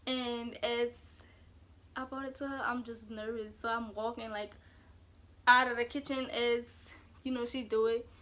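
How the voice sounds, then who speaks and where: A woman's voice: on the high side, steady tone, unhurried, long pauses, a bit bright. Chatty young woman telling a story. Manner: casual, chatty, fillers of "like" throughout. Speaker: vlogger. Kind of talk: storytime vlog.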